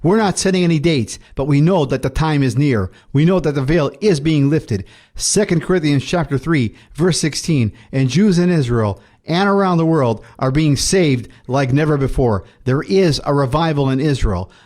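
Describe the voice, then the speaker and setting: A man's voice: a little high, normal speed, darkish tone. A man, a Messianic rabbi, gives a ministry outreach update and reads scripture aloud in a preaching manner.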